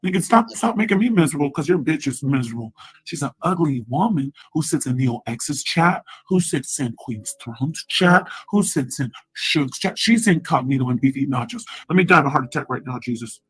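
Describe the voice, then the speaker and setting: Husky woman ranting on her live stream, swearing nonstop, picks fights, gets loud fast. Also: sits low, expressive. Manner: profane, combative, sudden loud outbursts. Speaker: livestreamer. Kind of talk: ranting livestream monologue.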